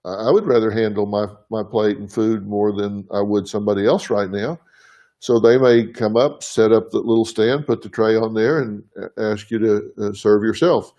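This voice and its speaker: A man's voice: fairly low pitch, fairly even intonation, normal speed, mellow. A man hosting a live show from his home, speaking earnestly and plainly to viewers, thinking aloud as he answers their questions. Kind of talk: live casual address to viewers.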